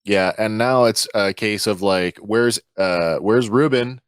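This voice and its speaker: A man playing a tabletop role-playing game, calm and methodical, with joking asides. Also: lowish voice, slow, smooth, dry recording. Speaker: player.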